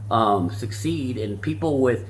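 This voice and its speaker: A man's voice: mid-range voice, expressive, unhurried, a little hiss or hum. Rambling, crude-talking man. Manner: loose and crude, with many restarts and asides. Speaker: vlogger summarizing a self-help book. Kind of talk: casual, rambling talk.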